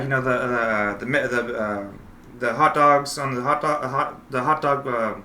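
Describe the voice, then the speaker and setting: A man's voice: medium pitch, fairly even intonation, normal speed, sharp tone. A man hosting a podcast, telling rambling stories full of restarts in casual chat. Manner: rambling storyteller with frequent restarts. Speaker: podcast host. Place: podcast studio. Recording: roomy studio sound.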